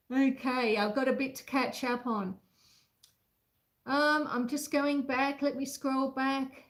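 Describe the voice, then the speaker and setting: An Australian woman with a slightly high voice talks in an unhurried, drawn-out way as she bakes and chats with her live-stream viewers. She is chatty and pokes fun at herself. Her voice rings around a roomy, echoey home kitchen. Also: steady tone. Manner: chatty, self-deprecating, reads chat aloud while cooking. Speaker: homestead vlogger hosting a live stream. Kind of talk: casual live-stream baking chat.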